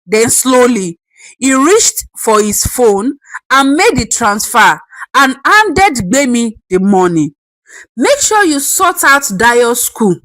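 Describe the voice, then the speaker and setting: A woman's voice: on the high side, fairly bright tone, dry recording, poor audio. A woman narrating a dramatic family story expressively.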